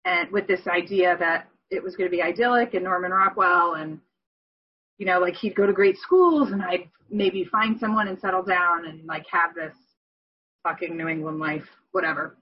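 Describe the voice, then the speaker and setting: Rambling woman with a husky voice. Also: on the low side, moderate pace, dull audio. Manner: rambling, self-correcting, emotional. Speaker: group member sharing. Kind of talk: candid personal sharing.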